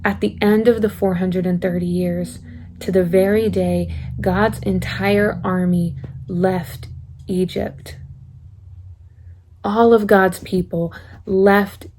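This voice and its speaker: A woman's voice: medium pitch, steady tone, slow pace, a little mellow, slight background noise. A young woman giving a casual sermon, talking conversationally and acting out quoted excuses. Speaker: youth speaker.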